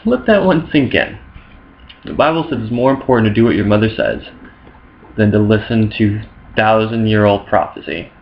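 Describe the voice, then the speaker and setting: A man's voice: lowish voice, lively intonation, normal speed, lo-fi sound. A young man rambling through an off-the-cuff comic retelling of a story, full of slang and asides. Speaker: vlogger.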